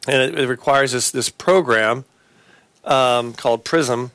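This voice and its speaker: A man hosting a Christian talk show, talking earnestly and haltingly, with many fillers and restarts. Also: medium pitch, a bit bright, no echo. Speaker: host.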